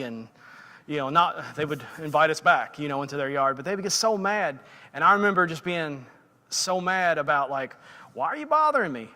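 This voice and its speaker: A middle-aged man shares stories from the pulpit in a loose, self-deprecating way, full of "you know" fillers. His voice sits a little high and sounds bright and forceful. It comes from a church livestream with a long, hanging reverb. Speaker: lay preacher. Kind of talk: casual sermon storytelling. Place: church sanctuary.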